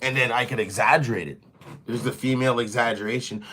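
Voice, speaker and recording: A young man hosts a live stream and tells a story in a loose, profane way. His pitch sits in the middle. He brings the people in the tale to life with quick quoted voices. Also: fairly even intonation, pushed and bright. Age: young adult.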